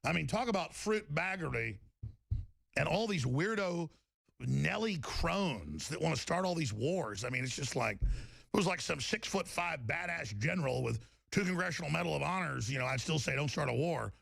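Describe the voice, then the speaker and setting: A man's voice: fairly high pitch, expressive, moderate pace, gravelly, fairly bright tone, dry recording. A man hosting a talk-radio show, delivering an emphatic, rambling monologue and often repeating himself.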